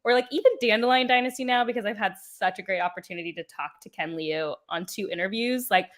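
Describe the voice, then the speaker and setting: A woman's voice: medium pitch, quick pace, a bit bright. A woman hosting a podcast in casual chat, talkative and laughing often. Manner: chatty, laughs often, rambling. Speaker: podcast host.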